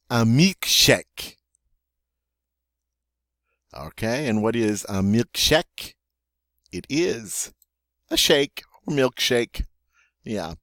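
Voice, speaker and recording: A man runs a vocabulary lesson in a low voice that leaps up and down as he jokes. He takes his time and repeats each word slowly. The recording is dry and close. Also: dry recording. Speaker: French teacher.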